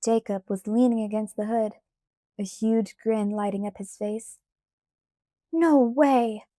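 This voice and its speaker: A woman narrating a first-person audiobook in a steady, clear storytelling manner. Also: medium pitch, moderate pace, dry recording, studio quality.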